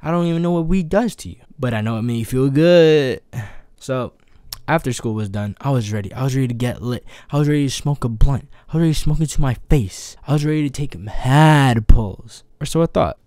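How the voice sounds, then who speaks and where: A young man tells a casual story in a vlog, acting out each person he quotes with quick jumps in his voice. His pitch sits in an ordinary middle range. The sound is dry and close. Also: no room sound. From New York. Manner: animated, acts out quotes with voice shifts and sound effects.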